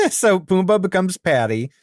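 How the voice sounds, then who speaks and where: A man co-hosting a cartoon podcast, animated and easily amused, laughing often as he retells scenes. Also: sits high, measured pace, dry recording, studio quality. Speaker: podcast co-host. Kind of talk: casual chat about cartoons.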